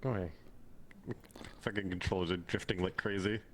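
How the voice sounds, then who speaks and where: A man's voice: low voice, fairly even intonation, normal speed, a bit bright, a little hiss or hum, poor audio. A man playing a tabletop role-play game, making laid-back, wry asides.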